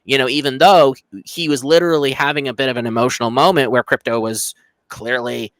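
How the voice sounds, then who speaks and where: A man's voice: medium pitch, steady tone, fairly quick, fairly bright tone, dry recording. A young man co-hosting a casual film review podcast, rambling with repeated words and acting out scenes. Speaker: podcast co-host.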